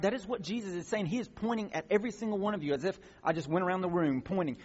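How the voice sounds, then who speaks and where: A man preaching a sermon, his voice slightly high and husky, earnest, with fillers and restarts, building into emphatic stretches. The sound is dull and lo-fi. A long reverb hangs after his words in a large sanctuary. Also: expressive, a little fast, darkish tone. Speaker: pastor.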